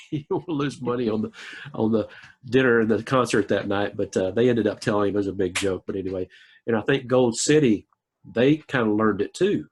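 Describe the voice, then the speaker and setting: A man's voice: on the low side, a little fast, breathy edge. A man hosting a podcast, chatting casually, laughing along and jumping in to finish stories. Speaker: podcast host. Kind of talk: casual chat.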